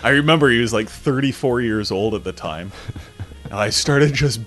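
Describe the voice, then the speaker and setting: In casual storytelling chat, a young man with a medium-pitched voice speaks at a moderate pace. He's animated, acting out the voices of the people he describes, over soft background music.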